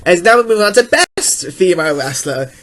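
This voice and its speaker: A man with a slightly raised pitch talks in a relaxed, jokey way, tossing out quick opinions. He keeps the casual chat rolling with easy banter. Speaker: co-host of a wrestling awards chat.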